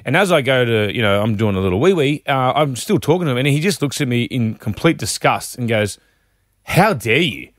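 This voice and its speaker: A man's voice: medium pitch, quick pace, few pauses, no echo, clean studio sound. A young Australian man hosting a breakfast radio show, telling cheeky stories in casual banter. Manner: animated storyteller, cheeky. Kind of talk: casual sports and banter chat.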